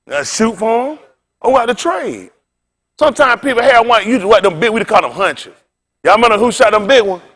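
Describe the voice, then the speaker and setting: High, lively-voiced preaching pastor man. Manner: folksy, colloquial, storytelling, quizzes the crowd. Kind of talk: informal sermon to a congregation.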